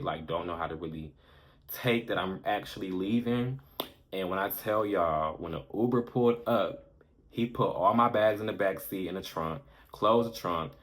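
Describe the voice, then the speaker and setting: A man casually telling a candid, profane story about a past relationship straight to his viewers, animated and frank. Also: low-pitched. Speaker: storytime vlogger.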